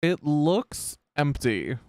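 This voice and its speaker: A man narrates as game master of a tabletop game. His voice is smooth and resonant and sits close to the mic with no room sound. He talks at an easy pace with frequent pauses and fillers. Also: fairly high pitch, no echo. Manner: relaxed, halting narration with fillers.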